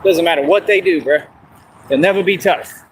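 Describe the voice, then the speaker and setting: A man streaming alone outdoors in the dark, delivering a boastful, combative monologue that keeps repeating itself. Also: fairly high pitch, normal speed, a little hiss or hum, poor audio. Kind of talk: ranting monologue.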